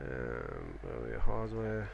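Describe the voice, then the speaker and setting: A man's voice: fairly low pitch, wildly swooping pitch, slow, gravelly, lo-fi sound, background noise. A young Australian man chatting casually on a live stream about a sim race, rambling and cutting himself off mid-sentence. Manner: chatty, rambling, self-interrupting.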